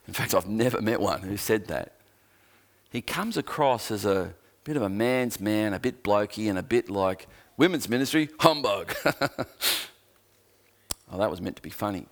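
A man's voice: on the low side, a little slow, pauses often. A man with an Australian accent, preaching a sermon as a pastor in an earnest, conversational way with joking asides.

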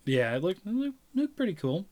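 A man chatting casually about a video game he played, rambling and laughing loudly. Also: high voice, sing-song, fairly quick. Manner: mimics game voices in retelling. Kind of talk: casual chat.

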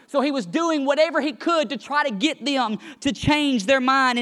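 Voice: sits high, moderate pace, hardly any pauses, fairly bright tone. A Bible teacher giving a weekly study who reads scripture aloud, then retells it with rising energy and the odd light joke. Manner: joking aside in a light tone.

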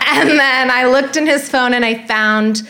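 A woman comedian chatting as a guest on stage, frank and candid, telling stories with quick asides. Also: high-pitched, sharp tone. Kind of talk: casual chat. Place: live theatre stage.

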